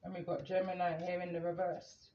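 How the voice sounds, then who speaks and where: A man doing a calm, meandering tarot reading, reading the cards aloud as he draws them. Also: high voice, a little fast. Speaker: tarot reader. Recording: echoey room, muffled lo-fi sound.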